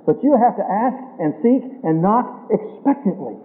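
An older man, a pastor, preaching a sermon and telling personal stories, acting out the dialogue with big swings in his voice. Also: normal speed. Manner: storytelling, acts out dialogue with lively pitch swings. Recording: tinny phone-like radio broadcast in a reverberant hall.

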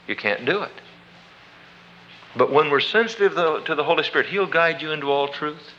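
A man's voice: on the high side, moderate pace, pushed and bright, slight background noise. A man preaching a sermon, telling a personal story in a folksy, conversational way and acting out both sides of the dialogue. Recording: dull lo-fi recording.

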